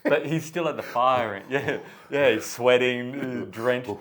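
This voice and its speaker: A man hosting a podcast, telling anecdotes in a casual, animated way with many restarts. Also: medium pitch, measured pace. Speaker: podcast host. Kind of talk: casual chat, storytelling.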